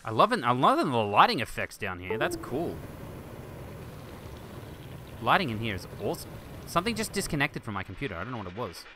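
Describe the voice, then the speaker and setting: A man hosting a game video, thinking aloud and getting excited as he chats to objects on screen. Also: mid-range voice, fairly quick, pauses often, background noise. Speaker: gaming video host. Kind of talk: let's play commentary.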